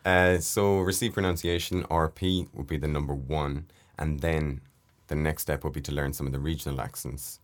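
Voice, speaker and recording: A man with a remarkably deep, low voice talks through his acting work in a loose interview chat. He often breaks off and restarts his sentences as he thinks aloud. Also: steady tone, moderate pace, hardly any pauses. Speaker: actor.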